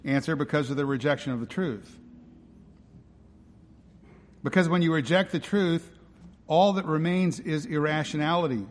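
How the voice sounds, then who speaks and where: A man's voice: on the high side, normal speed, pauses often, long reverb tail. A man preaching a sermon as pastor, emphatic and driving, often posing rhetorical questions.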